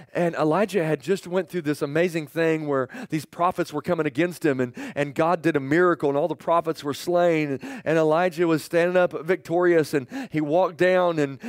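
Middle-aged pastor guy preaching, kinda high voice, acts out the quotes, close dry mic. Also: fast, no room sound. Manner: animated storytelling, voices quotes with sudden pitch jumps and drops to a near whisper. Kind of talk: sermon.

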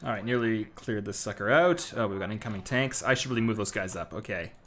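A man's voice: lowish voice, lively intonation, quick pace, a bit bright. A man streaming a war game, cracking jokes and casually commenting as he plays. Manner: jokey, profane.

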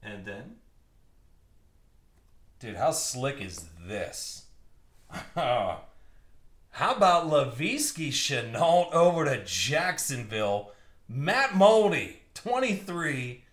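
A young man hosting a live trading card break, excitedly calling out cards and buyers in slangy chat. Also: mid-range voice, very slow, pauses often. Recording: roomy echo.

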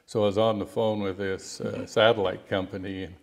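A middle-aged man, a rancher and outfitter, telling stories in an interview in a halting, rambling way with many restarts. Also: on the low side, little pitch movement, darkish tone. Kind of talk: storytelling interview guest.

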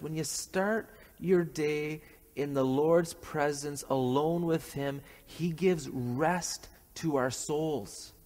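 Canadian priest guy giving a homily, kinda high voice, jokey, lots of restarts, big hall echo. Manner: lively, joking, with many restarts. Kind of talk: morning homily. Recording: long hall reverb.

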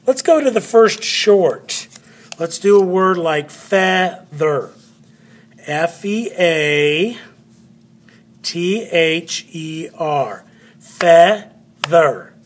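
A male teacher walks a class through a phonics lesson, speaking slowly and saying words over and over to stress a syllable. His voice is a little husky, and he now and then moves away from the mic while he writes. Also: a little high. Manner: slow, drawn-out words, spelling letters aloud.

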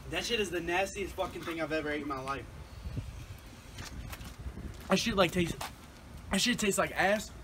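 A young man vlogging a challenge, swearing and exclaiming excitedly. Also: high-pitched. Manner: profane, excitable, loud exclamations. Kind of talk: casual challenge vlog. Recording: noisy background.

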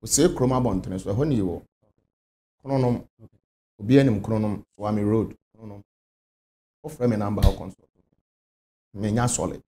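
A man's voice: lowish voice, normal speed, pauses often, dark tone, a little hiss or hum. A man from Ghana, a spiritual leader, answering interview questions emphatically and repeating his phrases.

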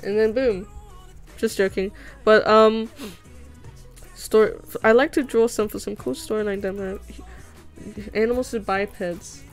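A young woman, chatting and giggling with her chat at home while she draws. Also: mid-range voice. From Australia. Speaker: livestreamer. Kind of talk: casual livestream chat while drawing. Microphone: desk mic. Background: faint music playing.

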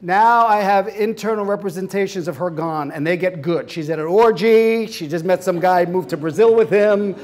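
A man teaching a class in an animated way, acting out scenes and laughing often. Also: sits high, normal speed, hardly any pauses. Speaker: hypnotherapy instructor. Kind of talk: lecture with acted-out examples.

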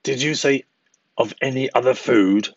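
A man's voice: lowish voice, normal speed, fairly bright tone, husky, no echo, lo-fi sound. A man voicing a fierce, proud male eagle in a storybook tale, speaking in a mocking, demanding way.

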